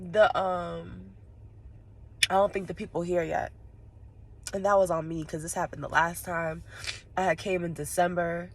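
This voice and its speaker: A woman's voice: sits low, slightly rough. A woman vlogging from inside her parked car, tearful and sniffling, rambling straight to her viewers and laughing through her tears. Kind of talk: casual vlog monologue.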